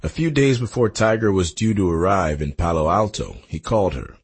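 A male narrator reads a nonfiction audiobook with expressive delivery. His voice is gravelly and husky. His pitch moves in a lively way. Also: fairly quick. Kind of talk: scripted narration.

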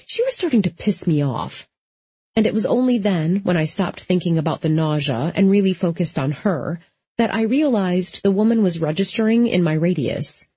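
A woman's voice: fairly low pitch, dark tone, husky, no echo. A woman narrating a first-person audiobook in a dry, wry storytelling manner, close to the mic. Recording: slightly dull lo-fi.

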